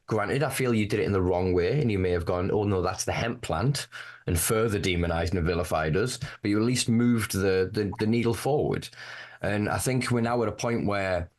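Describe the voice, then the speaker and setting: This podcast correspondent is a man from Northern England with a Northern English accent, who goes into passionate, profane rants during a casual chat. His voice is on the low side and brisk.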